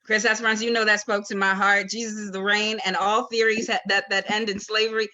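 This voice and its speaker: Bright-voiced woman hosting a comedy stream. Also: medium pitch, flat delivery, brisk, muffled recording. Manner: loose, laughing banter. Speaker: comedy show host.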